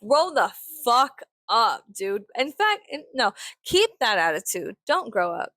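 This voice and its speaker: A woman in her thirties venting in a casual vlog, blunt, profane and sarcastic, swinging into sudden high laughs. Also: big pitch swings, unhurried, bright, forceful tone, no echo. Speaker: vlogger.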